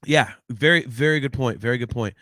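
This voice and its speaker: A man hosting a casual podcast chat, animated and rambling, swearing freely into a close microphone. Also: medium pitch, a little fast, dry recording. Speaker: podcast host.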